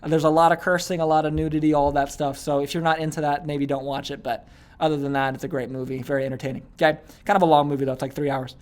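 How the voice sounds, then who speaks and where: A man's voice: a little high, flat delivery, quick pace. A young man coaching sales in a casual online course, chatty, with repeated words and frequent "okay" and "like". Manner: chatty, repeats words, many okays and likes.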